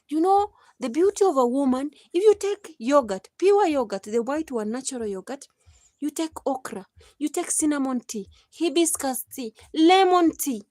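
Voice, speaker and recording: A woman's voice: on the high side, darkish tone, dry recording, studio quality. A Kenyan woman in her thirties chatting casually on her live stream, laughing often and slipping into preachy advice.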